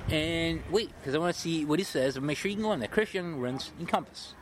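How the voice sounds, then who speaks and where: A man's voice: a little high, lively intonation, fast talker, a crowd in the background. A homeless man rambling agitatedly through his story in a street interview, repeating himself. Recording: noisy outdoor street recording.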